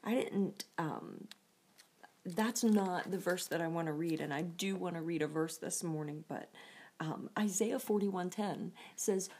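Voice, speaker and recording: A woman's voice: fairly low pitch, measured pace, darkish tone, husky. A woman hosting a casual devotional talk, often laughing and thinking aloud as she goes. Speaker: host of a devotional show.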